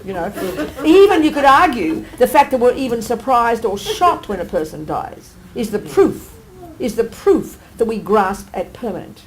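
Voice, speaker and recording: A nun giving a dharma teaching in a blunt, emphatic, colloquial way, full of rhetorical questions. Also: female voice, on the high side, big pitch swings, moderate pace, poor audio. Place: meditation centre teaching hall.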